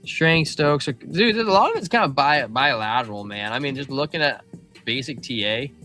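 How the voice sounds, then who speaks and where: Bright-voiced man with faint music. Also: mid-range voice, moderate pace. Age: adult father of a young child. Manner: loose, slangy, excitable, calls listeners man and bro. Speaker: crypto livestream host. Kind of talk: casual market chart commentary.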